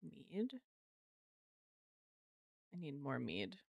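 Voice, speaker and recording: A woman's voice: sits low, huge pitch swings, very slow, gravelly, a little mellow, breathy edge, no echo. A woman streaming a game live, chatting casually to her viewers, swearing freely and talking to herself as she plays.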